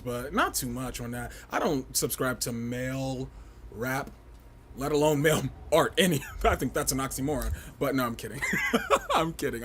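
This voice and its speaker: A man hosting a casual livestream fashion review, campy, playful and outspoken, with big swoops in pitch and frequent laughter. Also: fairly bright tone, a little hiss or hum. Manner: sassy and outspoken.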